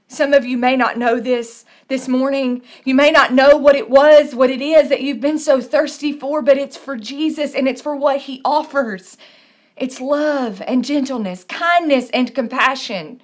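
A woman's voice: sits high, fairly even intonation, normal speed. A young adult woman pastor preaching a sermon, telling a personal story with earnest, repeated phrases.

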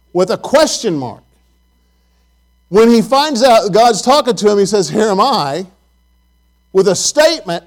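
A man preaching a Bible lesson, asking his listeners questions and often repeating words as he goes. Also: high-pitched.

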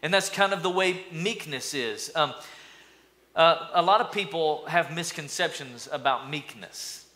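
Male pastor, upbeat sermon, bright tone, banters with congregation. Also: unhurried. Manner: energetic, playful, calls for responses from the congregation; acts out mock voices with sudden high-pitched bursts.

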